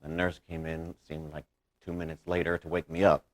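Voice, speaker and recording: A man performing a one-man stage monologue, theatrical, swinging between loud outbursts and hushed recollection. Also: low-pitched, little pitch movement, fairly quick.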